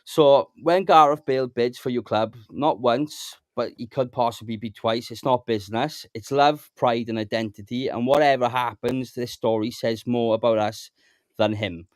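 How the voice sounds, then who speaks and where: A man's voice: medium pitch, steady tone, moderate pace, dry recording. Man, host, casual fan talk, matey, mid voice, dry sound. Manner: chatty, addresses the panel as mates. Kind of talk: casual fan podcast hosting.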